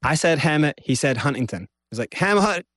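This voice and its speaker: A Scottish man tells his story as a guest in an interview, lively, and he acts out what others said. His voice sits at a middle pitch. The sound is dry and close, with almost no room. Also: a little fast, breathy edge, no room sound. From Scotland. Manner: animated, acts out quotes.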